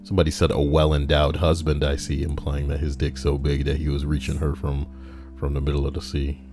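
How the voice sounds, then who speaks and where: Streamer, male: a very low voice, reads posts aloud and adds crude jokes, with faint music underneath. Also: completely flat delivery, fast. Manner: crude, joking asides between readings. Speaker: streamer reading online posts. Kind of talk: casual livestream reading.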